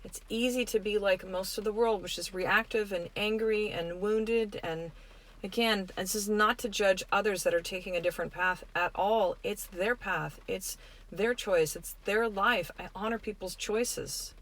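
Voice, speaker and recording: A middle-aged woman hosting a podcast, giving a gentle, earnest, reflective spiritual self-help talk. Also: medium pitch, a little slow. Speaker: podcast host.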